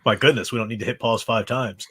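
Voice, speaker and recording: A man's voice: mid-range voice, fairly even intonation, quick pace, fairly bright tone, breathy edge. A man hosting a casual movie-rewatch livestream, rambling with many restarts over a computer mic. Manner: rambling, with frequent fillers and restarts.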